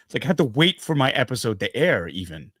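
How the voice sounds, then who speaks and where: A middle-aged guest actor tells stories in a casual stream chat, speaking fast in a husky mid-range voice. He acts out the quotes animatedly, and the clean studio recording has no room sound.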